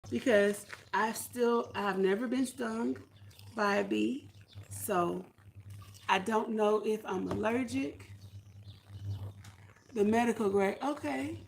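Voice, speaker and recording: A woman's voice: fairly high pitch, takes it slowly, vocal fry, long pauses, slight background noise. A woman chatting casually on a homesteading livestream, reading comments and thinking aloud in a chatty, self-deprecating way. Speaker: homesteading vlogger.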